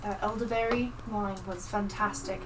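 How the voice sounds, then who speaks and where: A woman's voice: mid-range voice, fairly even intonation, moderate pace, recorded from a distance, noisy background, lightly acted. A woman playing a gracious noble lady.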